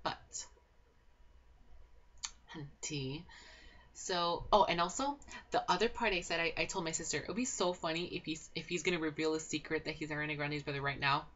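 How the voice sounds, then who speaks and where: A young woman giving a casual, gossipy reality show recap, excitable and swearing a lot, with constant filler words. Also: sits low, fast. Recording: dull lo-fi home recording.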